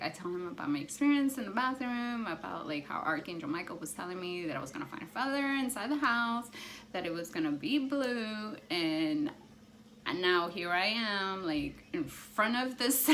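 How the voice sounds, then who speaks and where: A woman vlogger telling a personal story in an animated, excitable way, full of "like". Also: lowish voice, a little hiss or hum. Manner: animated, excitable, heavy use of "like".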